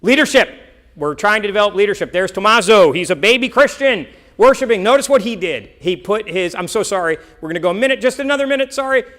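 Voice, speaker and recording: A middle-aged man reports on mission work to a church class. His voice is bright and clear and sits a little high. He talks earnestly and rambles, with self-deprecating asides. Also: animated, quick pace.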